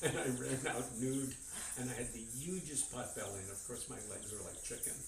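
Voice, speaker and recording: A man's voice: medium pitch, brisk, gravelly. An older man with a nasal voice chatting in a blunt, crude, rambling way in a barn on a farm. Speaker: farm owner chatting on stream. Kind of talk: casual chat. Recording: echoey barn, picked up from far off, with noise.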